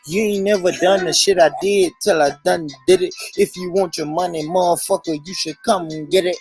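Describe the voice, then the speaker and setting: A man's voice: high-pitched, steady tone, fairly quick, poor audio. A man freestyle rapping and chatting to viewers, brash and boastful, with profane street slang. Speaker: rapper and video host. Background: music.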